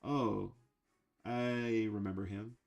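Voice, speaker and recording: A man's voice: fairly low pitch, fairly even intonation, slow, gravelly. A man talking casually about cartoons in a rambling, chatty way with frequent fillers. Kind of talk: casual chat.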